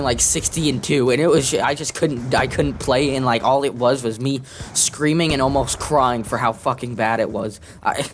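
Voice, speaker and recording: A man's voice: mid-range voice, slight background noise. A man telling a rambling, profane story while playing a video game, often laughing and cursing. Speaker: gaming commentator.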